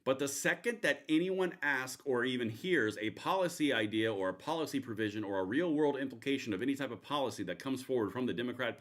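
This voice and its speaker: A man's voice: mid-range voice, fairly bright tone. A man hosting a live political commentary stream, talking in a rambling, sarcastic way with many restarts. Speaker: livestream host.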